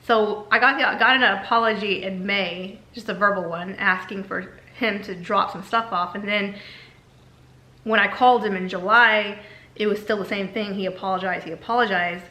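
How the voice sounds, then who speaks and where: A woman's voice: medium pitch, steady tone, normal speed, pushed and bright. A woman candidly telling a personal story in a vlog, emotional and repeating herself as she talks. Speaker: vlogger. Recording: echoey room.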